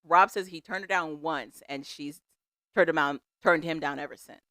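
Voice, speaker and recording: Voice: medium pitch, normal speed, bright, forceful tone, dry recording, clean studio sound. A podcast co-host recapping a show in casual chat, analytical and amused. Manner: analytical, amused, laughs often.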